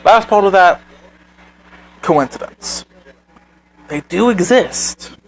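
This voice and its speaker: A man's voice: sits high, expressive, slow, rough recording. A man hosting a commentary video, reading out social media posts and answering them with sarcastic, exasperated remarks.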